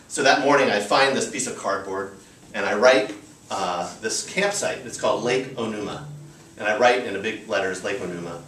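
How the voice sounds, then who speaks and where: An American man in his thirties tells a personal story to a live audience at a storytelling show, loose and chatty and full of fillers. His voice is fairly low and a bit bright at normal speed, caught by a distant mic in a roomy venue with slight background noise.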